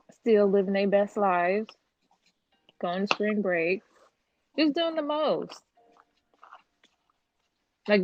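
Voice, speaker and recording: A woman co-hosts a casual podcast chat, sounding blunt and exasperated and swearing freely. Her mid-range voice has a darkish tone, and the dry recording sounds slightly dull and lo-fi.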